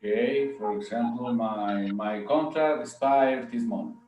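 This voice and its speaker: A man's voice: mid-range voice, a little slow, darkish tone, soft background music. A man answering as a student in an online English class, hesitant and asking for help. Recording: roomy, distant mic with faint background hum.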